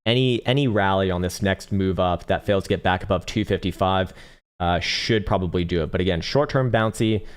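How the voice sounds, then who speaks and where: A man's voice: deep voice, fairly quick, clean tone. A man hosting a live trading stream, reading viewer questions and giving blunt, profane chart analysis. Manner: profane, blunt, bursts into laughing rants. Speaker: trading livestream host.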